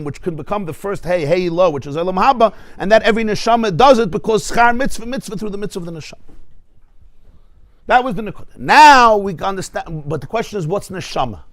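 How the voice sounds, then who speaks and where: A man, a rabbi, teaching a Torah class to a live audience in a study hall, animated and storytelling with humor, mixing in Hebrew terms. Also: high voice, studio quality. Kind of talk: lively Torah class lecture.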